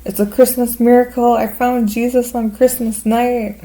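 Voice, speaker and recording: A woman voicing her rowdy, tipsy girlfriend calling from a party, excited and loud. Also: a little high, moderate pace, pitched above the performer's own voice, natural voice, poor audio.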